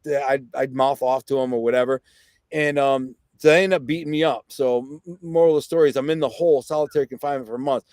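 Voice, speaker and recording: A man's voice: mid-range voice, no room sound. A man guest telling a personal story in blunt, plainspoken street talk. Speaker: podcast guest.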